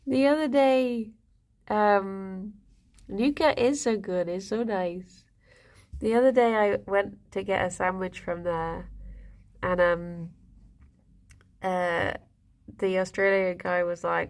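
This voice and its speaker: A woman's voice: medium pitch, fairly even intonation, slow. A young woman streaming live, chatting casually with viewers and rambling to her pet rabbits. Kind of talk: casual chat reading viewer comments.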